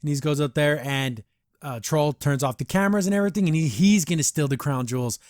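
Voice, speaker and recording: Excitable man reviewing a cartoon. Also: a little high, fast, no room sound, clean studio sound. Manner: animated, excitable, many restarts. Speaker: podcast host. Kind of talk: casual episode review chat.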